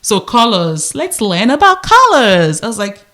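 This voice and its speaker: A woman's voice: on the high side, measured pace. A woman in her thirties from Nigeria with a Nigerian accent, co-hosting a podcast and telling stories in casual chat, slipping into Pidgin. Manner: animated storyteller, mixes in Nigerian Pidgin. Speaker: podcast co-host.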